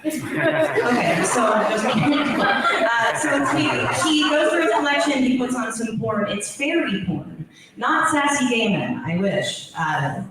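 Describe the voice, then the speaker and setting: A woman's voice: a little high, lively intonation, slow pace, a loud crowd. Blunt woman telling a raunchy story. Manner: candid, crude, laughing through her story. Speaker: storyteller guest. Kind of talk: live storytelling before an audience. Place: room with a live audience. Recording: echoey room, voice far from mic.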